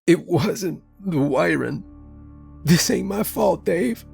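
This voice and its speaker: A man voicing an injured middle-aged fisherman, his voice raw and rasping from smoke, pleading in a storybook. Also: on the high side, lively intonation, slow pace, a little mellow, faint music behind, pitched above the performer's own voice, full character voice. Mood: desperate. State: hoarse from smoke. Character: gruff injured male fisherman, panicked.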